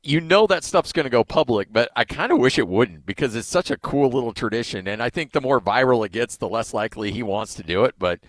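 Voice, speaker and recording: A man's voice: medium pitch, lively intonation, fast, few pauses, no room sound. A man co-hosting a sports radio show, upbeat and conversational.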